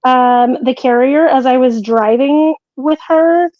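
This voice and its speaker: A woman's voice: high voice, slow pace, no echo, dull audio. A woman co-hosting a live sewing stream, telling a rambling story in casual chat. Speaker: co-host.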